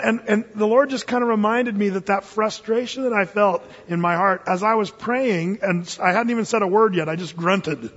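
Older-ish pastor guy with a high voice, chatty sermon, keeps restarting, echoey church hall, kinda muffled. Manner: conversational storytelling, animated with frequent restarts. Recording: long hall reverb, dull lo-fi sound.

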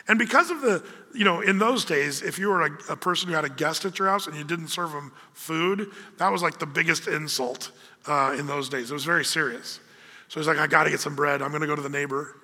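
Animated male pastor in a reverberant hall. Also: high-pitched. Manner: animated storyteller acting out voices. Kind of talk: sermon.

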